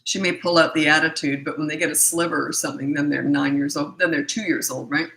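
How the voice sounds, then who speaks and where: A woman's voice: low voice, fairly even intonation, quick pace, vocal fry, bright, forceful tone. A middle-aged woman with a scratchy throat, giving no-nonsense parenting advice in a casual question-and-answer session. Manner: blunt, no-nonsense, matter-of-fact.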